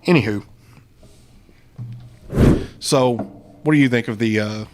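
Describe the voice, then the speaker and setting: A man's voice: mid-range voice, slow, a little hiss or hum. A man co-hosting a casual political livestream, talking in a brash, profane, joking way. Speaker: podcast co-host.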